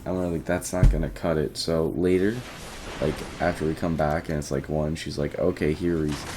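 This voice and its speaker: A man's voice: a bass voice, flat delivery, normal speed, noisy background. A teenage boy casually telling a rambling story about his day, often quoting himself and restarting his sentences. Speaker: vlogger.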